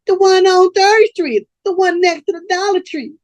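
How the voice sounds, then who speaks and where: A man voicing a scared young woman, pleading in a high put-on voice. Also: moderate pace.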